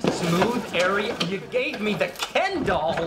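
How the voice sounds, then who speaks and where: Boastful sitcom playboy, animated pitch, noisy track. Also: male voice, takes it slowly, heavily acted. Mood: cocky. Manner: cocky, boastful. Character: brash womanizing adult male sitcom friend. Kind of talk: sitcom acting.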